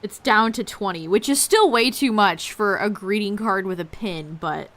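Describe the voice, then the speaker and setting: A young woman live-streaming a game, chatting casually with her viewers, her voice going a little hoarse. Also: mid-range voice, moderate pace, fairly bright tone. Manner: laid-back, chatty, talks to chat. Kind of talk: casual live-stream chat while gaming.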